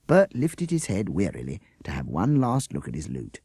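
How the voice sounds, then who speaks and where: A male storyteller reading aloud, his low voice husky and gravelly. He swings his pitch widely as he narrates. The recording is dry and close. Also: normal speed, no echo. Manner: lively, expressive reading. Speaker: audiobook reader.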